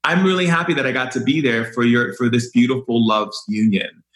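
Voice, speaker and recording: A man's voice: medium pitch, fairly quick, a bit bright. A man guesting on a podcast, talking in an effusive way, often repeating his phrases and filling with "you know". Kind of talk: warm conversational interview. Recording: roomy echo.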